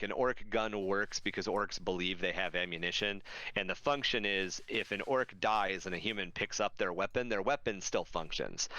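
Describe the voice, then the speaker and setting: A man's voice: lowish voice, bright, forceful tone, dry recording, low-quality recording. A man co-hosting a podcast, explaining with enthusiasm in casual chat. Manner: enthusiastic explainer who acts out jokes. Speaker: podcast co-host.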